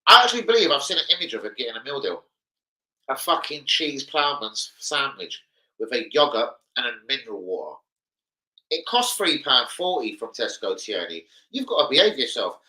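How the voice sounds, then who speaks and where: A young man rants casually about football, heavy on swearing and slang. His voice is bright and sharp, swinging widely in pitch as he gets worked up. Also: very animated, brisk. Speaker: football fan vlogger. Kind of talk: casual rant to camera.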